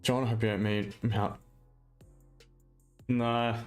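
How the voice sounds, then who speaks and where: A man's voice: mid-range voice, flat delivery, slow pace, faint music behind. A man with an Australian accent, chatting casually and bluntly on a live trading stream, ranting with mild swearing.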